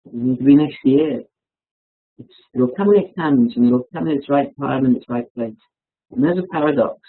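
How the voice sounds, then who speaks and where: A man giving a casual, reflective webinar talk, halting and often repeating words, over a tinny phone-like line. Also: mid-range voice, big pitch swings, gravelly, husky. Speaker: webinar speaker.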